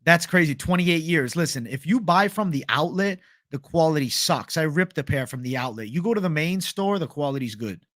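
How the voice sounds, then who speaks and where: A man's voice: on the high side, animated, brisk, few pauses, fairly bright tone, no echo, studio quality. Laid-back young man chatting live. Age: young adult. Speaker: host. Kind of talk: casual live-stream chat reading comments.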